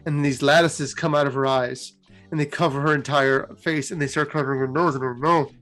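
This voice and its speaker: High-voiced man retelling lore. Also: fairly quick, soft background music. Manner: animated storytelling. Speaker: host.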